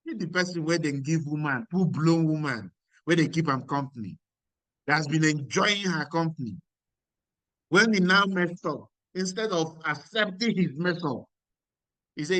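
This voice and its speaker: A man's voice: fairly high pitch, moderate pace, a bit bright, no room sound. A man giving a motivational lecture, emphatic and repeating key lines. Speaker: speaker.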